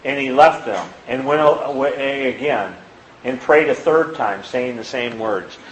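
A man's voice: measured pace, poor audio. Man giving a conversational sermon. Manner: conversational, reads scripture aloud, rises in pitch when pressing a point. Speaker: lay preacher. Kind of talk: informal sermon.

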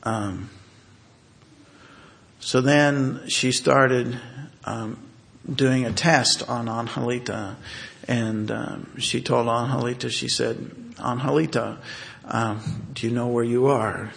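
A man telling a personal family story in a halting way, with many fillers and restarts. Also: medium pitch, fairly even intonation, vocal fry, fairly bright tone.

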